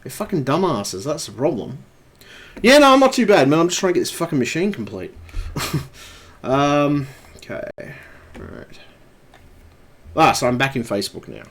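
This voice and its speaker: A man's voice: fairly high pitch, very animated, moderate pace, pauses often, fairly bright tone. A man live streaming at his computer, ranting angrily and swearing constantly. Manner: angry, profane ranting.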